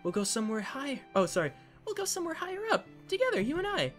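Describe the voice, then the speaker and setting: A playful little sister from a game, her high sing-song voice teasing and bright, as a man puts her on in falsetto. Her pitch leaps about with lively swings. Faint music plays underneath. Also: fast, heavily acted. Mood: teasing, cheerful.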